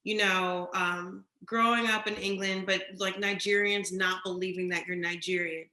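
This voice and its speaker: A woman's voice: mid-range voice, steady tone, normal speed, bright, forceful tone, echoey room. A woman interviewing a guest in a chatty, loose way, full of casual fillers.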